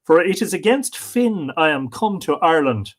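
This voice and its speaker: A boastful warrior king from an old legend, proud and threatening, as read aloud by a man. The lines come in a lifted, declaiming voice with a lively rise and fall. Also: on the high side, normal speed, voice pushed up. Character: boastful vengeful male King of France, warrior.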